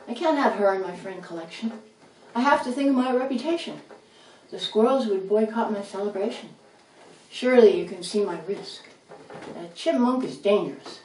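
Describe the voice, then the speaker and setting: A woman's voice: a little high, a little mellow, close to an everyday voice. A woman reading as a snooty chinchilla. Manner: haughty, dismissive. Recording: roomy, distant, faint noise.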